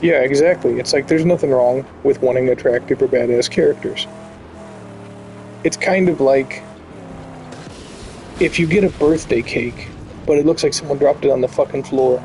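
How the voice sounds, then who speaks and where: A man's voice: medium pitch, normal speed, pauses often, a little mellow, slight background noise, rough recording. A man hosting a gaming channel, delivering blunt, profane, heated commentary over gameplay.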